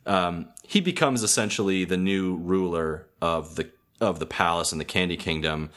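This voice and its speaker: A young adult man hosting a relaxed podcast chat about a cartoon episode, hesitant with many ums and frequent laughter. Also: low-pitched, normal speed. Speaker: podcast host. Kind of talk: casual chat.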